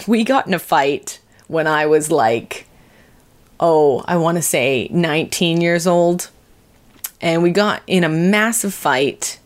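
A woman hosts a podcast in a relaxed, unhurried chat. Her voice sits a little low, and she talks candidly and with self-mockery, swearing freely and laughing at her own embarrassment. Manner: profane, chatty storytelling. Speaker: podcast host. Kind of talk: casual monologue intro.

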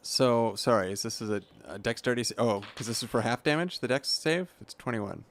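A man at a tabletop game talking casually as he checks rules and reacts to his rolls. His pitch is ordinary and middle. He speaks in a plain, relaxed way. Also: a little fast. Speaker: player.

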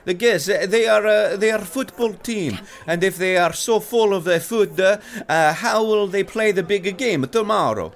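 A man voicing an excitable Italian waiter with a thick put-on Italian accent, in broken English, during an improvised comedy sketch read. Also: normal speed, few pauses. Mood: frantic. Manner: loud, high and broken-English.

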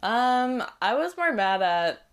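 A woman in her twenties telling a personal story as a podcast guest, chatty and animated, full of fillers. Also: on the high side, takes it slowly, smooth. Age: 20s. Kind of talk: casual storytelling.

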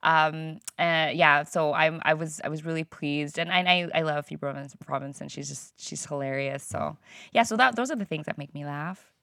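Bright-voiced woman chatting animatedly. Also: sits low, vocal fry, no echo, studio quality. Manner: animated, laughing, quick asides. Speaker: guest comedian. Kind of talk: casual interview chat.

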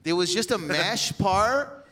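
A man's voice: sits high, expressive, slow pace, sharp tone. A young man telling a long comedic story on stage, rambling, swearing and laughing often.

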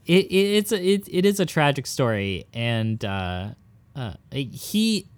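A man's voice: medium pitch, big pitch swings, slow pace, clean tone. A man hosting a comedic history podcast, telling the story in a rambling way with many fillers. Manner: rambling, filler-heavy storytelling, says "exactly" and "correct" a lot. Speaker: podcast host.

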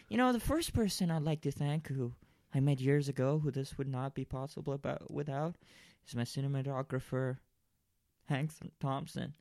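A man performing improv comedy, talking in an excitable way and swinging into shrill, high outbursts. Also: moderate pace, creaky, dry recording, clean studio sound. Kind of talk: improv comedy role-play.

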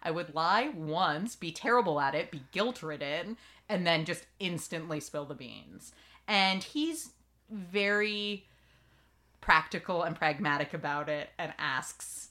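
A woman hosting a podcast, recapping a TV episode in lively casual chat and acting out lines from the scenes. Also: low-pitched, a little slow. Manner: lively storytelling, acts out quotes. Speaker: podcast host.

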